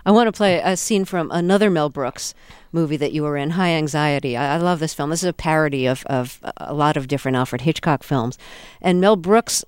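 A woman hosting a radio interview, asking measured, attentive questions. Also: sits low, clean tone, dry recording, studio quality.

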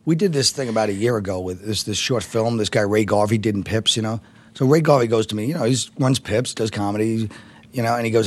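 A man's voice: on the low side, fast talker. Rambling New comedian man. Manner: rambling, laughing, animated impressions. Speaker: comedian guest. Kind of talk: casual interview storytelling.

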